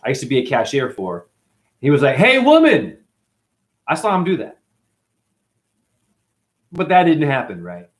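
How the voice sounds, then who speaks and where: A man's voice: mid-range voice, very animated, moderate pace, pauses often. A man recounting a conflict with his boss at his cleaning job, talking emotionally and quoting people as he tells it. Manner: emotional, recounting grievances with acted quotes. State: chronic hip pain. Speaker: janitor. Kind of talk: personal vlog storytelling.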